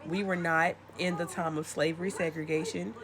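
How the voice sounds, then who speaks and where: Young woman w a lowish voice, casual motivational chat, calls you baby. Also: fairly even intonation, normal speed, a crowd in the background. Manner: conversational and encouraging, addresses listener as "baby". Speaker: spiritual content creator. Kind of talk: casual motivational talk to camera.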